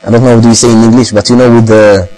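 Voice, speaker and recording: A man for whom English is a tells a story in a loose, rambling way, full of fillers and phrases. His voice sits in a middle pitch. A steady mains hum runs under the recording. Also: very fast, low-quality recording. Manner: rambling, heavy use of fillers and Arabic phrases. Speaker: speaker recounting experiences. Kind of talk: casual talk in English.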